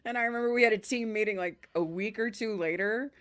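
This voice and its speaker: A woman's voice: on the high side, fast. Chatty woman host acting out stories. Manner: animated, acts out quoted voices. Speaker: podcast host. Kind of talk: casual storytelling chat.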